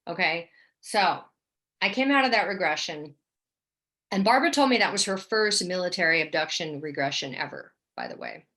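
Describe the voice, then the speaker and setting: A woman from New Orleans, a guest in an interview, telling her story in a lively, vivid way with lots of "like" and "right?". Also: lowish voice, moderate pace. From New Orleans, USA. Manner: animated, vivid storyteller, often says "like" and "right?".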